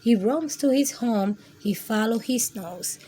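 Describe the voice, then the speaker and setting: A woman reading picture books aloud to children with a gentle, expressive storytime manner. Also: fairly high pitch, unhurried, slightly rough. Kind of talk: read-aloud storytime for kids.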